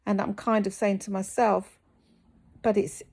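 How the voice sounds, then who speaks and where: Gravelly-voiced woman vlogging candidly. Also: mid-range voice, flat delivery, a little slow, a little mellow. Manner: hesitant, many ums and restarts. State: tired. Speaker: fitness vlogger recovering from surgery. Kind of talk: candid talking-to-camera vlog.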